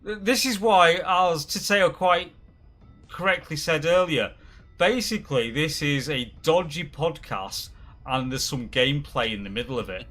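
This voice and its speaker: While gaming on a live stream, a man jokes around and rambles with his friends, laughing often. His voice is a little high and fairly bright, and he's unhurried.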